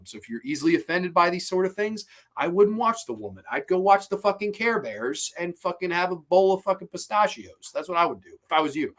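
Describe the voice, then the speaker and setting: A man hosting his own show, casually reviewing a horror film, excitable and swearing freely, with many fillers and repeated words. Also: a little high.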